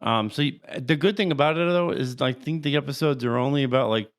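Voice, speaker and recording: A man's voice: medium pitch, a little fast. A man co-hosting a podcast, chatting casually about a show with lots of "you know" and restarts. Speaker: podcast co-host. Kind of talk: casual chat.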